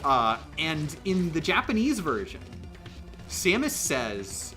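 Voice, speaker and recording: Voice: mid-range voice, very animated, a little slow, sharp tone, soft background music. A livestreamer chatting casually during a game stream, rambling with lots of fillers and emphatic restarts.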